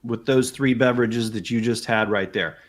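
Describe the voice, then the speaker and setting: A man, a guest telling animated anecdotes in a casual chat, with frequent asides. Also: medium pitch, normal speed. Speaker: guest author. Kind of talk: casual storytelling.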